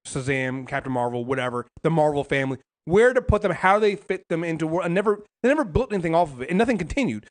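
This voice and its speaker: A man with a slightly high voice talks through a casual podcast chat. He rambles and restarts his sentences often, and he swears freely as he goes. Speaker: podcast co-host.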